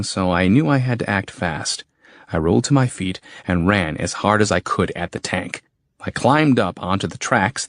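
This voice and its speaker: A man with a lowish voice narrates a first-person horror audiobook, telling the story in a steady, terse way. He's recorded close on a studio mic, and the sound is dry.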